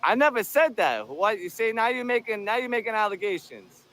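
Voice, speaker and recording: A man's voice: high voice, animated, a little fast, few pauses, fairly bright tone. A man filming outdoors on a handheld phone, taunting people in a profane, combative way. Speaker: video host filming encounters. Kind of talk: confrontational street filming.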